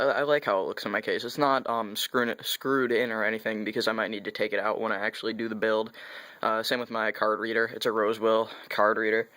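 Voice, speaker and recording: A young YouTube vlogger gives a casual, rambling overview of his computer hardware, correcting himself and tossing in sarcastic asides. His voice is on the low side, bright and forceful, with no echo.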